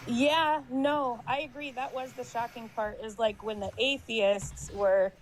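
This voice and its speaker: A woman's voice: on the high side, fairly even intonation, unhurried, a little hiss or hum, low-quality recording. A woman co-hosting a casual chat, agreeable and chatty.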